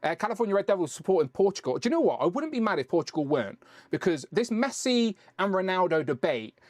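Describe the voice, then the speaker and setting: A man's voice: high voice, very animated, fast talker, darkish tone, no echo. A man hosting a casual live stream, chatting and rambling as he reads out viewer messages.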